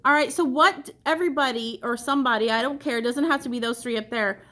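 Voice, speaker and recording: Woman, art teacher, classroom discussion, questioning, repeats answers, fairly high voice. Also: fast talker, pushed and bright.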